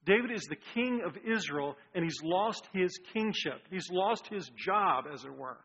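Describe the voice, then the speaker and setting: A man preaching a sermon as pastor, earnest, with restarts and swings between loud and hushed delivery. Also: high-pitched, animated, normal speed, slightly rough. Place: church sanctuary. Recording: dull lo-fi sound with long hall reverb.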